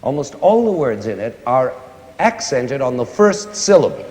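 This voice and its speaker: A man explaining music to young listeners, his voice rising and falling with lively expression. He stops to sing and hum short examples. The sound is roomy, with a long concert-hall reverb. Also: medium pitch, normal speed. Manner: animated, sings and hums examples. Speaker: conductor giving a concert lecture.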